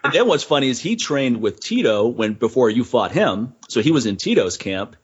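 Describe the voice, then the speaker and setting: A man's voice: mid-range voice, very animated, moderate pace, husky. Laughing podcast host man, lo-fi. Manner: engaged, laughs along, recaps stories. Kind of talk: casual interview chat. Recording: dull lo-fi podcast audio.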